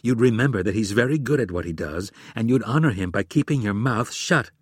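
A man's voice: lowish voice, lively intonation, brisk, slightly rough, no echo, clean studio sound. A man voicing a cool, commanding woman who runs an intelligence agency, in a clipped and controlled way, for an audiobook. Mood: stern.

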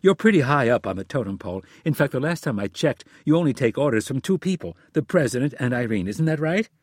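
A man voicing a furious, sharp-tongued wife in an audiobook, speaking in a raised, sarcastic and snapping manner. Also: medium pitch, animated, fast, no echo, clean studio sound, close to an everyday voice. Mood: mocking.

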